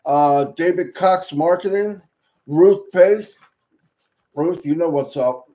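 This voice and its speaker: Guy hosting a live stream, slow easy shout-outs, playful little rhymes, dull lo-fi audio. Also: fairly high pitch. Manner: playful, rhyming, sing-song call-outs. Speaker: host greeting viewers.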